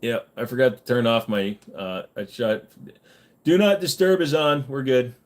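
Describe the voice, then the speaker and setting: A man with a mid-range voice hosts a casual livestream at a moderate pace, reading viewers' chat aloud. He answers with loose, joking banter laced with profanity.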